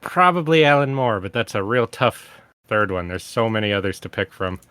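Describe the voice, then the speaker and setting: A man's voice: lowish voice, animated, normal speed, fairly bright tone, smooth, no echo, studio quality. A man co-hosting a podcast, joking around in casual chat. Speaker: podcast co-host.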